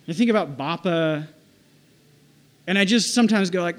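A man telling a personal story in a halting, reflective way, with many restarts and "like"s. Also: high-pitched, fairly bright tone.

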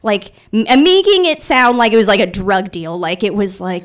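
A young woman telling a personal story in an animated, self-mocking way, full of filler words. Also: medium pitch, normal speed, hardly any pauses. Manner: animated, filler-heavy retelling with many "like"s; self-mocking, anxious narrating tone.

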